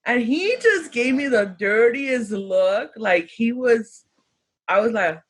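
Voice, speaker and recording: A woman's voice: fairly high pitch, moderate pace. A woman co-hosting a podcast, telling a story in casual chat and switching between English and Spanish. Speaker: podcast co-host.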